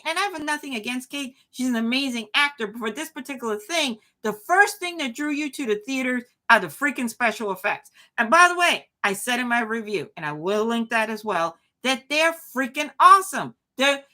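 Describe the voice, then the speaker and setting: A woman's voice: on the high side, sharp tone. A woman hosting a live commentary show, talking emphatically with frequent restarts and replies to chat. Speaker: show host.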